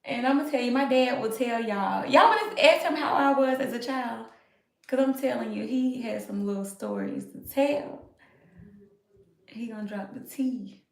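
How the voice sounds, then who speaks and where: An upbeat, animated woman hosting a casual live stream from home, talking straight to her viewers. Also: on the high side, normal speed, vocal fry. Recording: echoey room.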